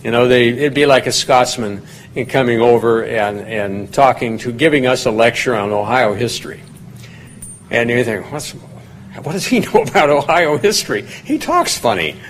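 A man's voice: mid-range voice, slight background noise. A man preaching a conversational Bible study sermon in a folksy, digressive way, lifting his voice when he reads scripture aloud. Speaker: pastor teaching a Bible study.

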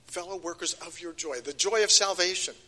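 Older guy preaching, high bright voice, big hall echo, keeps repeating lines for emphasis. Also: brisk. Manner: emphatic, repeats key phrases, voice rising and falling. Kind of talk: sermon. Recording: long hall reverb.

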